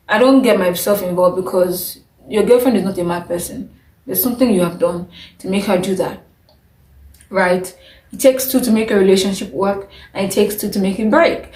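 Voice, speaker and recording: A woman's voice: mid-range voice, a little mellow, echoey room, poor audio. A woman vlogging her opinions in a chatty, opinionated way, often breaking into laughter. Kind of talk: casual opinion vlog.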